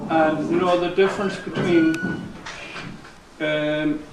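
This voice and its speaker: High-voiced male folk storyteller, chatty and chuckling, on an echoey live mic. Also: little pitch movement, slow pace, vocal fry, distant mic, heavy background noise. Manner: rambling, chuckling, with self-corrections. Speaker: folk musician telling a story on stage. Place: live concert venue.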